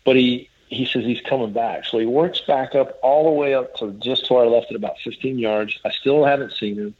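A man's voice: medium pitch, fairly quick, husky. A man casually telling a long story as a guest, rambling and restarting as he quotes others. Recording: dull lo-fi audio.

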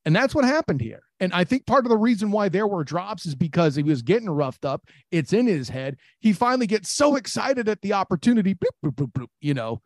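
Man, sports podcast host, casual chat, rambling, high voice. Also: sing-song, a little fast, few pauses, no echo, clean studio sound. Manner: rambling, repeats words, laughs easily.

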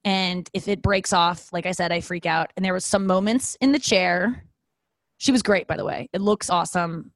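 A woman's voice: fairly low pitch, moderate pace, no echo. Young woman, casual vlog monologue, rambling, self-mocking jokes, dry room sound. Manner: rambling, self-deprecating, joking asides. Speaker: vlogger.

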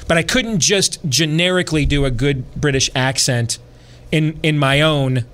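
A man's voice: a little high, moderate pace, a bit bright, clean tone. A middle-aged man talks through politics on his show in a loose, rambling way. He hedges with fillers and restarts his sentences as he goes. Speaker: talk show host. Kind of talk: casual political talk radio.

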